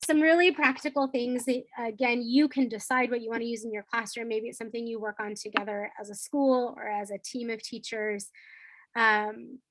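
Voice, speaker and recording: Lively woman teacher, dry sound. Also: fairly high pitch, moderate pace, no echo, rough recording. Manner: lively, acts out playful classroom phrases. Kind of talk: teacher training talk.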